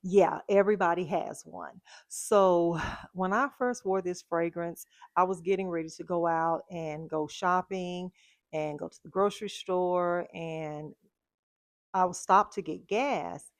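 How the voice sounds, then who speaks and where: Woman vlogger, lowish voice, dry close mic, chatty storyteller. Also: fairly even intonation, unhurried, no echo. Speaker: fragrance vlogger. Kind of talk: casual chat.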